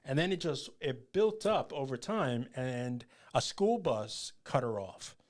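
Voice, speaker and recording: A man co-hosting a podcast in casual chat, reacting quickly to his partner's story. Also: medium pitch, animated.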